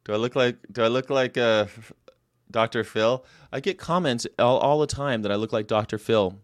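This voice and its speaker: A man's voice: medium pitch, normal speed, no room sound, clean studio sound. A man hosting a casual daily monologue, rambling and crude with sarcastic asides. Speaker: vlog host.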